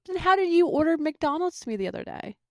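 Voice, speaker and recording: A woman co-hosting a casual podcast, chatting in a relaxed way and asking curious questions. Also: very high-pitched, fast talker, dry recording, studio quality. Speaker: podcast co-host.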